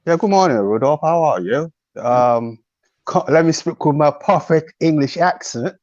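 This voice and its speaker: A man, a doctor calling in from his office, chatting with exclamations and many pauses. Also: on the high side, expressive, a little mellow, no echo. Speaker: caller, medical doctor. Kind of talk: casual call-in commentary. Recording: dull lo-fi call audio.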